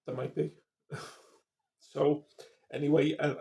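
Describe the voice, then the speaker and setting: Brief: fifties guy, gravelly voice, loose sweary storyteller. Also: medium pitch, steady tone, moderate pace, darkish tone. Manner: swears constantly, trails off, restarts sentences. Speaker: vlogger. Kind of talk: casual rambling monologue.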